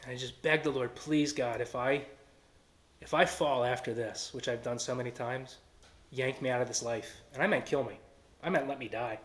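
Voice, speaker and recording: A man's voice: mid-range voice, fairly even intonation, moderate pace. A man with a Philadelphia-area accent giving an earnest personal testimony and acting out quoted dialogue. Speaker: testimony speaker.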